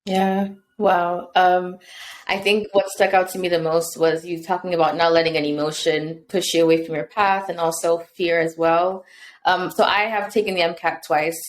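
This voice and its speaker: Low-voiced young woman hosting a podcast. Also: steady tone, normal speed. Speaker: podcast host. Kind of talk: casual interview chat.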